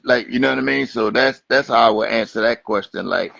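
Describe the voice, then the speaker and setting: A man from Atlantic City talks as a guest on a livestream, animated and profane. His voice has a gravelly rasp. The lo-fi stream audio sounds dry and close. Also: mid-range voice, brisk, no room sound. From Atlantic City, New Jersey. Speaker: guest rapper. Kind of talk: casual interview chat. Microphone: Instagram Live stream.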